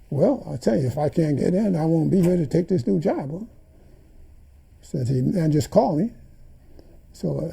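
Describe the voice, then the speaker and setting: A man's voice: a little high, expressive, normal speed, vocal fry, warm tone, husky, poor audio. An older man in an interview, animatedly retelling events and acting out the dialogue he quotes. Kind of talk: storytelling in an interview.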